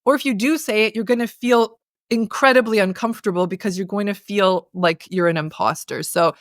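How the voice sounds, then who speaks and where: A woman consultant talks through voice technique with animated, demonstrative energy, singing out syllables to make her point. Her voice sits in a middle register. The sound is dry and close, recorded for a remote call. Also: mid-range voice, a little fast, no room sound. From North America. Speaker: voice and communication consultant. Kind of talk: conversational interview, coaching.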